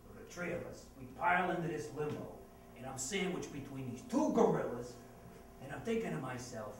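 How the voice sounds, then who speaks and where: A man's voice: fairly high pitch, lively intonation, brisk. An actor playing a grieving middle-aged Italian-American father, telling his story in a chatty stage monologue with nervous laughs. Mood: storytelling. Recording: echoey room, distant mic, noisy.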